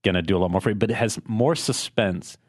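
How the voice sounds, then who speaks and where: A man's voice: on the low side, no room sound, clean studio sound. A man co-hosting a podcast, chatting casually and enthusiastically about films. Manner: enthusiastic, jokey, talks fast. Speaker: podcast co-host. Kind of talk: casual film chat.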